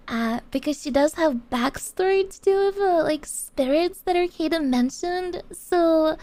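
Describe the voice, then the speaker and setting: A woman's voice: sits high, darkish tone. A young woman streamer chatting casually to her viewers, swearing a lot and using gamer slang. She swings between giggles and rants. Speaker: VTuber streamer.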